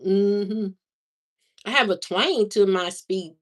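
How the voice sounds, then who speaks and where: A woman's voice: mid-range voice, takes it slowly. A woman from Indiana hosting a livestream, chatting casually with viewers in slangy, repetitive talk full of fillers. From Indiana, USA. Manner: slangy, drawling talk with lots of repeats and fillers. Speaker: livestream host. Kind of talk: casual chat answering live viewers.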